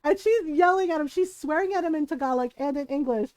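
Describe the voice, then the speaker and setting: A woman streamer telling a funny family story in casual chat, animated and laughing often. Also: high-pitched, fast talker, no room sound, poor audio. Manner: animated, laughing often, tags lines with "right?".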